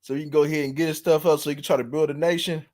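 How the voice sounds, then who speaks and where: Animated high-voiced sports talker. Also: male voice, racing. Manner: animated, laughing, swearing, slangy. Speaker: sports YouTuber. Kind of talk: casual sports chat.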